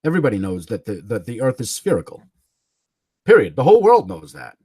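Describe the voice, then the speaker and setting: A man's voice: medium pitch, wildly swooping pitch, fairly quick, mellow, breathy edge, no room sound. A man hosting a livestream, ranting in a combative, mocking way, swearing and chuckling between jabs. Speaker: livestream host.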